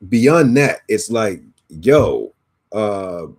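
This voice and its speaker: A man with a fairly low voice talks through his day on a video call. His delivery is laid-back and slangy, full of fillers and restarts as he thinks out loud. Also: extremely slow, slightly rough. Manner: relaxed, slangy, trails off with fillers. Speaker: podcast co-host, educator. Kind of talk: casual chat.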